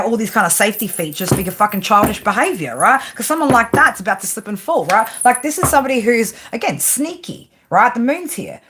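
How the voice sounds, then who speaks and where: A woman does a live tarot reading for viewers, blunt and swearing constantly, ending her lines with "right?". Her voice is medium-pitched, and there is background noise.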